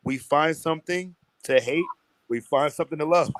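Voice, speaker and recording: A man's voice: fairly high pitch, moderate pace, low-quality recording. A man talking casually and profanely on a livestream, rambling through big ideas in a streetwise way.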